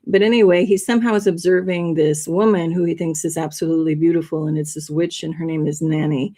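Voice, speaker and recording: A woman's voice: low-pitched, fairly even intonation, quick pace, dark tone. A woman hosting a livestream, talking casually and rambling a bit, with frequent laughs. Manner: rambling, chatty, laughs often. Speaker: livestream host. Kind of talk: casual presentation.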